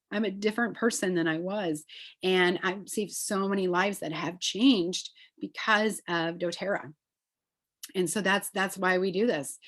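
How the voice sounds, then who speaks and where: A woman's voice: mid-range voice, a bit bright. Enthusiastic chatty woman presenter. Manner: enthusiastic, chatty, many fillers. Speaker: essential oils presenter. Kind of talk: live online class.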